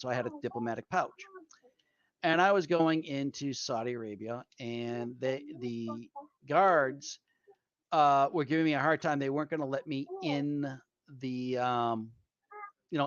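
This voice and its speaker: A man co-hosting a casual chat, telling animated anecdotes and laughing mid-story. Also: medium pitch, dry recording, lo-fi sound. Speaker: podcast co-host.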